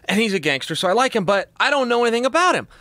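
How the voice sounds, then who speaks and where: Lively high-voiced man telling a story. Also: rapid-fire, no echo. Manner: animated storyteller. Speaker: podcast guest. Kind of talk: casual chat.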